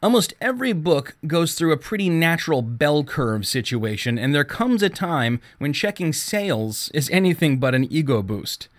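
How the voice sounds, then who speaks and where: A man's voice: fairly high pitch, sing-song, moderate pace, few pauses. A man hosting his own podcast, narrating a story and telling his experiences in a wry, self-deprecating way. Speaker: podcast host and author.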